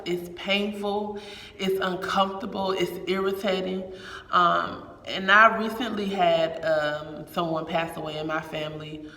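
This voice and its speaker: A man with a fairly high, pushed, bright voice shares a candid, heartfelt faith reflection in casual talk, repeating phrases for emphasis. He sits far from the mic in an echoey room with long reverb.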